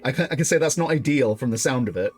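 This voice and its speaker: A young man chats over a game stream, animated and joking, swearing freely as he reacts. His voice sits mid-pitched for a man. Game music plays clearly behind him. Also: fast talker. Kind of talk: casual game let's-play commentary.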